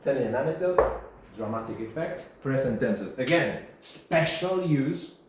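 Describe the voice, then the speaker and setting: A man's voice: mid-range voice, lively intonation, a little slow. A male English teacher giving a classroom grammar lesson, repeating key terms and checking in with his students. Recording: very echoey room, faint background hiss.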